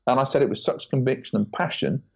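A man's voice: medium pitch, quick pace, husky. A man, a podcast guest chatting casually and acting out quoted voices as he tells stories. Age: 40s. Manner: animated storyteller, acts out quoted voices. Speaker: podcast guest, branding consultant. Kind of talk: casual interview chat. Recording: dull lo-fi audio.

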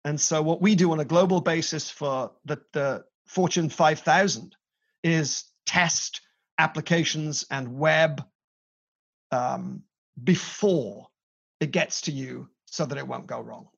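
A man's voice: on the high side, slow, gravelly, fairly bright tone, breathy edge. A middle-aged British man with a British accent, a company CEO telling his career story in an interview, self-deprecating and chatty. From Britain. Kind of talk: interview conversation. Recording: slightly dull lo-fi sound.

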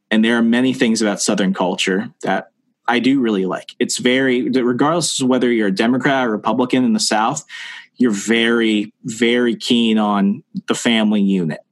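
A man speaking as a podcast guest in casual conversation, earnest and repeating phrases for emphasis. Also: fairly low pitch.

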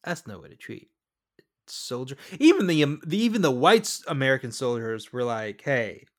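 A man in a casual podcast chat recaps a movie with his co-host. He talks loosely and thinks out loud as he sorts out the plot. His voice sits at an everyday middle pitch. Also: very animated, moderate pace. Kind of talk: casual film review chat.

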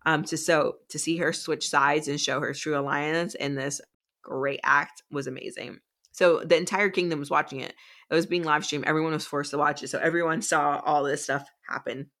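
A young woman co-hosting a podcast, chatty and animated as she recaps a book, swearing freely. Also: sits low, normal speed. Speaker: podcast co-host. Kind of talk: casual book discussion.

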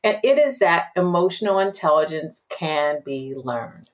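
Speaking a little slowly in a lowish voice, a woman appears as an interview guest, sharing her expertise on emotional intelligence. Her manner is animated as she tells vivid stories and acts out examples in the conversation.

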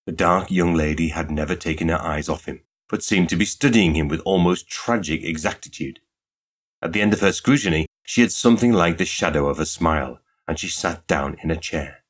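A man narrating a classic detective story in a measured, even reading. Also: sits low, breathy edge. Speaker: audiobook narrator. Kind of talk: scripted narration.

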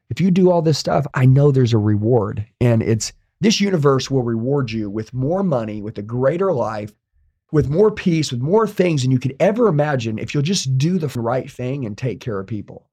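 A man's voice: medium pitch, lively intonation, normal speed, dark tone, breathy edge. A man speaking as an interview guest, sharing his story intensely, bluntly, and with plenty of swearing. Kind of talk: motivational interview talk.

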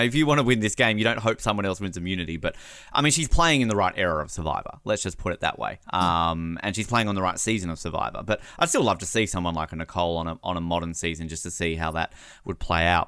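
A young man co-hosting a podcast in a casual chat, animated and quick to jump into high voices when quoting people. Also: clear, resonant tone, dry recording, studio quality. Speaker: podcast co-host.

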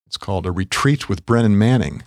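Low gravelly man, gentle pastoral talk. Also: animated, brisk, no room sound, clean studio sound. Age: middle-aged. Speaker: podcast co-host. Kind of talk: reflective Christian podcast conversation.

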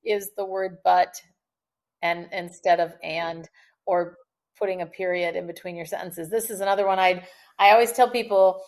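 A woman communication expert, a podcast guest, who explains tips in a lively, chatty way and laughs often. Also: on the low side, normal speed. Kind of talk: conversational podcast interview.

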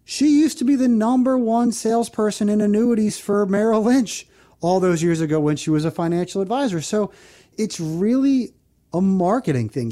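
A man hosting a financial advice radio show, explaining things earnestly and slowly spelling out a phone number. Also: high-pitched, expressive, warm tone.

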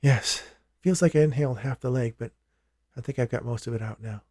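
A male narrator voicing a shaken but playful young woman in a soft, lowered voice. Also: fairly quick, no echo, clean studio sound, natural voice.

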